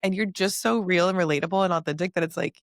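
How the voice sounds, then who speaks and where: Gravelly low-voiced woman host. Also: quick pace, no room sound, studio quality. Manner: animated, laughs often. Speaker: podcast host. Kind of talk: casual interview chat.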